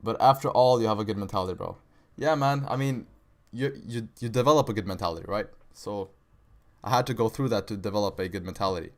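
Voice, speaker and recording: With a fairly low voice and a quick pace, the young trading streamer chats casually, working through viewer questions. His slangy speech leans heavily on "bro" and "right."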